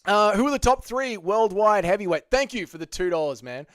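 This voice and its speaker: Aussie bloke, young, hosts an MMA stream; animated, swears freely, smooth voice, dry sound. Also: male voice, high-pitched, brisk, no echo. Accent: Australian. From Australia (Melbourne). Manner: swears freely, loose and joking. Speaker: MMA channel host. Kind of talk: casual livestream chat, reading chat aloud.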